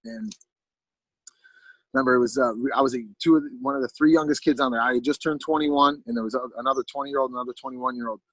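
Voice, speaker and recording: A man, a pro fighter as a podcast guest, telling a story in an animated, casual way and often asking "you know what I mean". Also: mid-range voice, quick pace, slightly rough, no room sound, low-quality recording.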